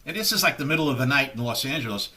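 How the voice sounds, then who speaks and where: A man's voice: medium pitch, animated, racing, sharp tone. A man in his sixties, a guest musician in an interview, telling long rambling stories and acting out the voices of people he quotes. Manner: rambling storyteller who acts out quoted voices. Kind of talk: anecdotal storytelling interview.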